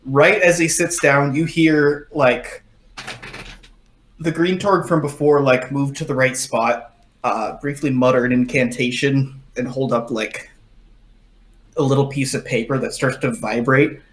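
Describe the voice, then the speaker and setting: A man's voice: mid-range voice, steady tone, measured pace, a bit bright, roomy sound. A young man narrating a tabletop game as game master, in a loose way with many fillers.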